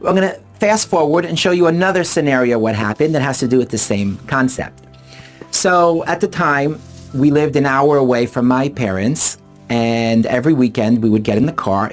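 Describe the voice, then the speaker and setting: A middle-aged man and author, earnestly retelling personal anecdotes to explain a relationship idea. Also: medium pitch. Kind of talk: personal storytelling and advice talk.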